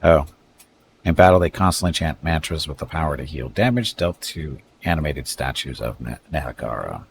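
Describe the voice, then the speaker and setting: Very deep-voiced male streamer. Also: expressive, normal speed, creaky, slight background noise. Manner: reads unit stats aloud, chats with viewers. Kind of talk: casual live-stream commentary.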